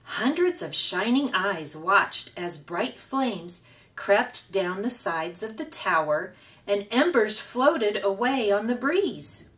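A woman reading a children's book aloud in a slow, expressive way as a storytime host. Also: medium pitch, recorded from a distance.

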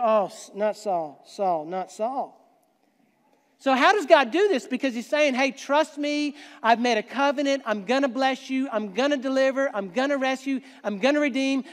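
A man giving a conversational sermon as pastor, joking asides to the congregation. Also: very high voice. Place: church sanctuary. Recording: long church hall reverb.

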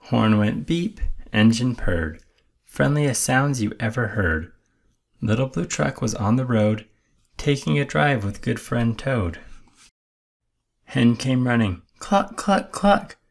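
Slow, gravelly storytime dad. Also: male voice, mid-range voice, animated. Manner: gentle, rhythmic rhyming delivery. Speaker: children's storyteller. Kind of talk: bedtime read-aloud.

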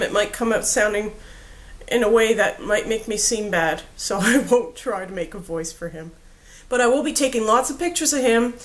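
A woman vlogging about a doll she was given, chatty and gushing with emotion, on the edge of tears. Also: on the high side. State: teary. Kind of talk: casual doll review vlog.

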